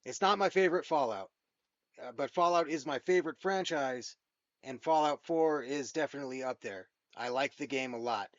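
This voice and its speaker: A man's voice: medium pitch, moderate pace, no room sound, muffled recording. A man in his thirties hosting a gaming channel, giving a chatty, candid game review monologue. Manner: chatty and candid, with many fillers and restarts.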